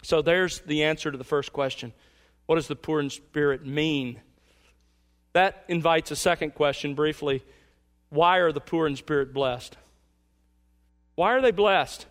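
A man preaching an expository sermon as pastor, emphatic and measured, slowing down to stress key words. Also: fairly high pitch.

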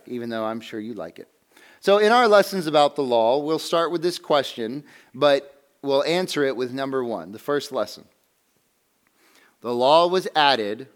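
With a medium-pitched voice, a man teaches a Bible lesson to a class in a conversational style, asking questions and slowing down to stress key phrases.

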